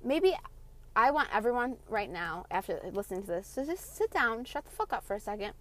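A woman's voice: fairly high pitch, sing-song, brisk. A young woman hosting her own podcast, delivering a passionate, sarcastic, profanity-laced rant. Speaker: podcast host. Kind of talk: ranting monologue.

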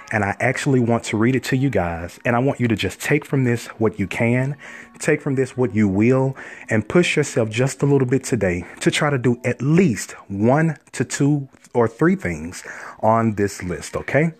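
Low-voiced upbeat life coach man. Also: darkish tone. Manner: upbeat, encouraging, talks straight to listeners. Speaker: life coach, podcast host. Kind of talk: motivational podcast monologue.

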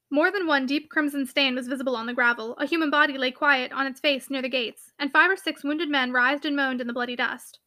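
Bright, quick woman reading a classic novel. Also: high voice, fairly even intonation. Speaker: audiobook reader. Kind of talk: scripted narration of a classic novel.

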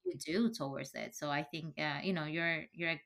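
A woman's voice: sits low, steady tone, moderate pace, gravelly, a bit bright. A woman hosting a podcast in casual chat, friendly and rambling, with many fillers. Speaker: podcast host.

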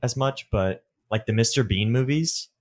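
A man's voice: medium pitch, moderate pace. A young adult man co-hosting a casual podcast chat, laid-back and brief in his remarks. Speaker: podcast co-host.

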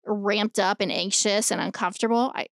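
A woman co-hosting a podcast in casual chat, animated and swearing freely as she argues her point. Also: mid-range voice, moderate pace, dry recording, studio quality. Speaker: podcast co-host.

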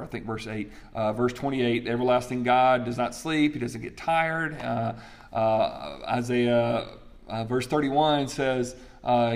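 A man teaching a Bible study class in a lively, chatty way, asking the group questions. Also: medium pitch, a little slow.

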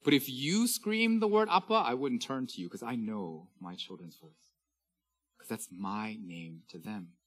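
Bright, emphatic male preacher. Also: medium pitch, lively intonation, soft background music. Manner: emphatic preaching, drawn-out scripture reading. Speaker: pastor. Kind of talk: sermon.

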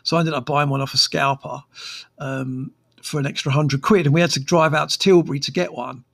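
Man, therapist, frank rambling monologue, higher voice. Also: steady tone, a little fast, creaky, a bit bright. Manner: rambling, frank, with many fillers and restarts. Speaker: therapist, podcast host. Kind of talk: casual solo podcast monologue.

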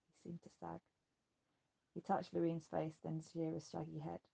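A woman narrating a novel in an even, measured audiobook reading. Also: low-pitched, vocal fry, slightly rough. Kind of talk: scripted narration.

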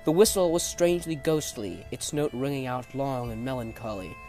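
A man in a middle pitch reads a fantasy novel aloud, measured and dramatic. A little music plays quietly under his voice. He tells the story with steady narrative control. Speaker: audiobook narrator.

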